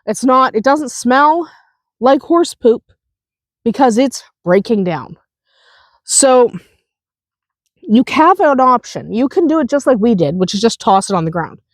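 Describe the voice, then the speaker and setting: A woman's voice: fairly high pitch, sing-song, unhurried, pauses often, no room sound. Chatty woman with a cold, dry sound. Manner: chatty, laughs, restarts often. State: has a cold, chewing a lozenge. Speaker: homestead channel host. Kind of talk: casual outdoor how-to talk. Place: outdoors by a compost pile.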